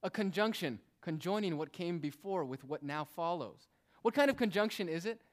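A man with a high voice and lively intonation preaches a sermon at a moderate pace. He explains the text emphatically, asking rhetorical questions and tossing in casual asides, and his delivery swings between loud and hushed.

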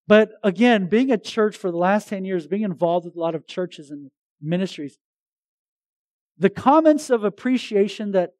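A man preaching a sermon as pastor, talking to his congregation in a conversational, animated way with frequent restarts. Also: sits high, moderate pace, no echo.

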